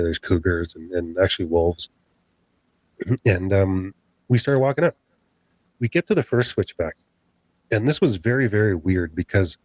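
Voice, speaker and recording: Low-voiced man telling a spooky story. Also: no room sound, poor audio. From Canada. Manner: animated, acts out quoted dialogue. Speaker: podcast guest. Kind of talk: storytelling an encounter.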